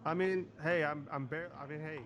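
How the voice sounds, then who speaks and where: A man from Kansas jokes loudly through a game role-play session, swearing and tripping over his own restarts. His voice sits a little high for a man, and a clear hiss of background noise runs under the recording. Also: brisk. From Kansas, USA. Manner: loud, excitable, swearing, many restarts.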